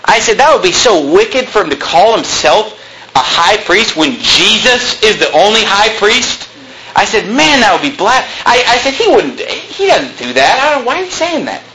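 A man's voice: high-pitched, very animated, moderate pace, bright, forceful tone, a little hiss or hum, poor audio. A man preaching a sermon as a pastor, telling stories animatedly, acting out dialogue and dropping sarcastic asides.

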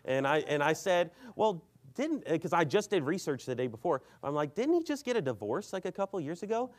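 A man preaching a sermon, telling an argument story with lively acted-out quotes and reading scripture aloud. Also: a little high, a little fast. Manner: animated storytelling, acts out both sides of an argument; reads scripture aloud in King James wording. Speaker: pastor.

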